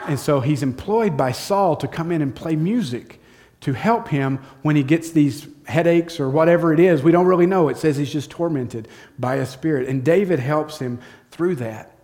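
A man teaching from the Bible, telling the story in a casual, lively way and acting out the quotes. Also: a little high, moderate pace. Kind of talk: storytelling sermon.

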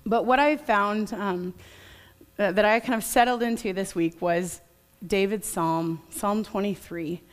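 A woman preaching a sermon to a congregation in a conversational way, reading scripture quietly and reflectively. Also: mid-range voice, unhurried.

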